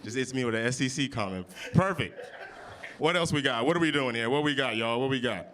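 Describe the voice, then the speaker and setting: A young man from Oklahoma performing improvised stand-up comedy, loud and brash, cursing and teasing the crowd. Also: medium pitch, brisk, a little hiss or hum. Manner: loud, brash, playful crowd work with swearing. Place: winery comedy stage before a live audience.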